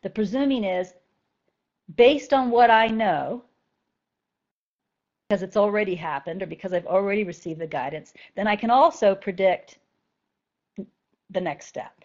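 A woman's voice: medium pitch, normal speed, pauses often, a little mellow, dull audio. A woman spiritual teacher talking conversationally to a group of students and often checking in with "right?".

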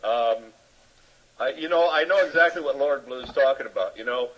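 A man sharing his view in an online group talk, telling it like a lively story full of "you know" and fillers. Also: mid-range voice, moderate pace. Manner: animated storyteller with lots of fillers. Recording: lo-fi online voice chat.

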